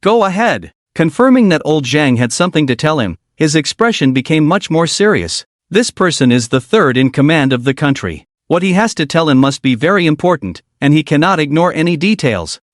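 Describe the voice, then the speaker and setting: A male narrator reading a comic story recap with dramatic flair. His voice is animated and a little high. The recording is dry and close. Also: a little fast, hardly any pauses, no echo.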